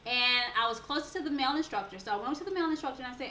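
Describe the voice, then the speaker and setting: A woman life coach telling a personal story in a motivational talk, earnest and animated, building toward a preaching close. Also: high-pitched, racing, few pauses, slight background noise. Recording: roomy echo with faint background ambience.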